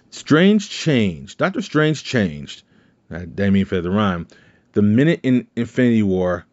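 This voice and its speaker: A man with a lowish voice recaps a movie in a loose, rambling way, dropping in quoted lines as he goes. The recording sounds dull and lo-fi. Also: darkish tone. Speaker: podcast host.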